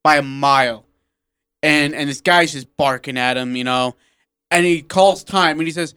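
Bright-voiced man on sports radio. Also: mid-range voice, moderate pace, clear, resonant tone. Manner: rambling storytelling, laughing at own jokes. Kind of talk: casual sports talk banter. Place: radio studio.

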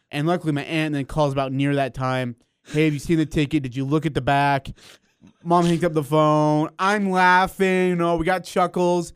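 A man's voice: on the high side, moderate pace, clean tone, no room sound. A man co-hosting a radio morning show, telling playful stories in a studio. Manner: playful, lively storytelling. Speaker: radio co-host. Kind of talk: casual radio banter. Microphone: studio mic.

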